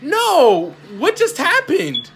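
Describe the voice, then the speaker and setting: High-pitched, exasperated woman reacting. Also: wildly swooping pitch, takes it slowly, faint music behind. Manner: disbelieving, exasperated, repeats questions. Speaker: reaction video host. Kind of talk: wrestling reaction commentary.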